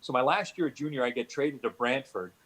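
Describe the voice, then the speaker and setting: A middle-aged man from Canada recalls his playing days in a loose, rambling way. His voice sits at an ordinary pitch, and his stories keep restarting, padded with "you know" fillers. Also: brisk, a bit bright, low-quality recording. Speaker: guest, former hockey player. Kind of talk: storytelling interview answers.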